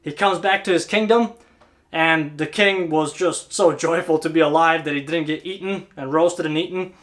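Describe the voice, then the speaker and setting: An HVAC technician who hosts his own channel chats casually to camera, his voice on the high side and a bit bright, with fairly even intonation and a moderate pace. He's informal and talkative, constantly checking in with viewers by asking "right?"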